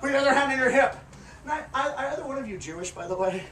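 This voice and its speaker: Loud teasing showman, high voice. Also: lively intonation, rapid-fire. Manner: loud, teasing, crude jokes with bursts of shouting. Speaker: fire performer and street-show comedian. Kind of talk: live comedic stage patter to a crowd. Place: outdoor stage at a Renaissance fair. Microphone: camera far from the stage. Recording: distant, echoey, noisy amateur video.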